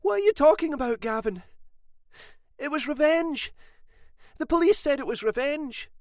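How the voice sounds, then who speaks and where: A woman's voice: high-pitched, animated, moderate pace, a little mellow, no echo, studio quality, voice pushed up. A man voicing a fragile, frightened young wife who pleads and panics. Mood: distraught.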